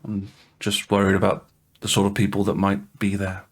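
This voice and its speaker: A man voicing a gruff adventurer who talks like a pirate, drawling yar and laddie. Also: low voice, monotone, moderate pace, slight background noise, lightly acted. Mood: wary.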